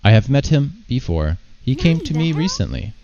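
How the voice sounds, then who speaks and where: A man voicing an ancient bodiless being, speaking slowly, haughty and cryptic. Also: medium pitch, huge pitch swings, vocal fry, dark tone, highs cut off, voice pushed up.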